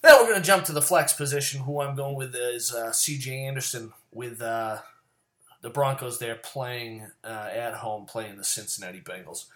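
A man casually giving his fantasy football picks in a rambling, profane rant that swings from loud and worked up to low muttering. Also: normal speed. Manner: profane, rambling and ranting, swears often; gets loud and worked up, then drops back to low mutters.

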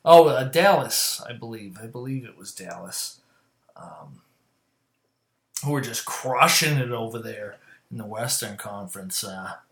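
A man's voice: mid-range voice, roomy sound. A man hosting a casual sports rundown, rambling through scores with profane, self-mocking asides. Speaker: sports talk show host.

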